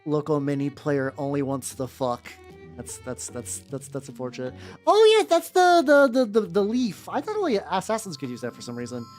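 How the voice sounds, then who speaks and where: A man's voice: fairly high pitch, wildly swooping pitch, normal speed, a little mellow. A man chatting casually while painting miniatures on stream, rambling, repeating words and swearing. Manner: talks to chat while painting. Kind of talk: casual livestream chat. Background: faint background music.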